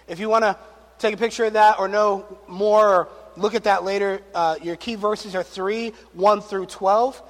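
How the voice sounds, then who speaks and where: A young man preaching a sermon to his congregation in a conversational, animated way, speaking straight to the people in front of him. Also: high voice. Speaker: pastor. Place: church sanctuary. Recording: long reverb of a large hall.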